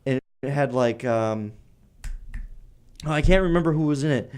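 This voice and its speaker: A man's voice: medium pitch, normal speed, darkish tone, clear, resonant tone. A young man co-hosting a podcast in casual chat, jokey and rambling, laughing often. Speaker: podcast co-host.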